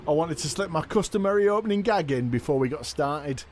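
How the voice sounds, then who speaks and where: A man's voice: on the high side, lively intonation, a little hiss or hum. A man playing a dim, boastful wrestling champion on a comedy podcast. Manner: dim-witted, boastful, quick to laugh and swear. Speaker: comic co-host in character as a wrestling champion. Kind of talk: scripted comedy podcast dialogue.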